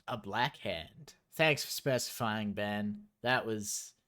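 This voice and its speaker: A man reads a novel aloud on stream and keeps stopping to mock it with dry sarcasm. He talks at an unhurried, drawn-out pace and wanders off into long, rambling tangents. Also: on the low side, bright, forceful tone. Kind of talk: reading aloud with sarcastic commentary.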